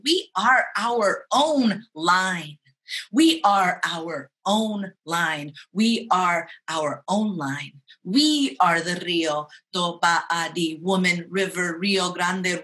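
A woman's voice: mid-range voice, bright, forceful tone. A woman poet from Texas performing spoken word poetry, with rhythmic, incantatory repetition.

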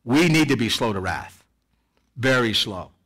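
A middle-aged man preaching a sermon in church, animated, swinging between loud emphasis and quiet asides. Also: medium pitch, unhurried. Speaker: pastor. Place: church sanctuary.

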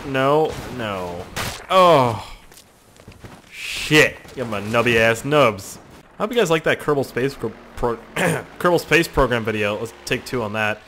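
A young man casually commentating a video game, swearing often and joking loudly. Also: medium pitch, a little hiss or hum. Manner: profane, goofy, excitable. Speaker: gaming YouTuber. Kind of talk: casual let's-play commentary.

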